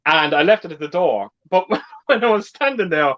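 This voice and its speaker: A man's voice: fairly high pitch, lively intonation, moderate pace, highs cut off. A man hosting a casual group chat, telling stories with lots of swearing and laughter. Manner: swearing storyteller, laughs often. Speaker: host.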